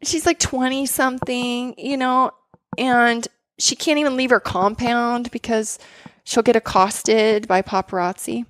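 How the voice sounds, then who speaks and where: Woman, doctor guest, animated talker, dry close-mic podcast sound. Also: fairly high pitch, a little slow, no room sound. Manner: animated storyteller, many "like" fillers. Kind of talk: casual chat.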